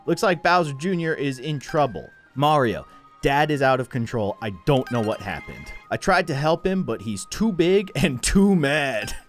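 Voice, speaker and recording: Guy reading out a worried little koopa prince from a video game, pleading earnestly for help saving his dad, a mid-pitched voice that rises and falls a lot. the game's background music plays faintly behind him. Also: big pitch swings, normal speed, natural voice.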